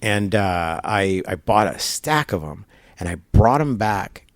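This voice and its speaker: A middle-aged man telling a long personal story in an interview at a barbershop, halting and rambling, acting out the people he quotes. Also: lowish voice, expressive, dry recording. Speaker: guest.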